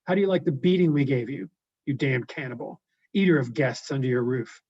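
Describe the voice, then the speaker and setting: Male reader doing a proud, loud-mouthed captain, taunting, slightly raised pitch. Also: normal speed, natural voice. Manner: shouting and taunting. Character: boastful male sea captain hero. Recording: dull lo-fi recording.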